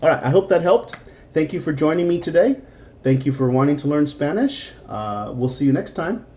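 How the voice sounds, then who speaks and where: A man's voice: fairly high pitch, expressive, normal speed, mellow. A man teaching a recorded beginner Spanish lesson, explaining patiently step by step and repeating words.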